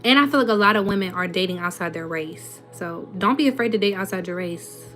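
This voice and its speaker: On a casual livestream, a Southern US woman in her twenties reads comments and answers them bluntly and sassily, throwing in rhetorical questions. Her mid-range voice is brisk, bright, and forceful, she has a runny nose, and faint music plays in the background.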